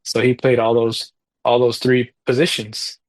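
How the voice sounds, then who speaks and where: This dry recording captures a podcast co-host, an adult father, chatting about soccer video games. His mid-range voice stays flat at a measured pace as he spins a long, meandering tale thick with slang and filler words.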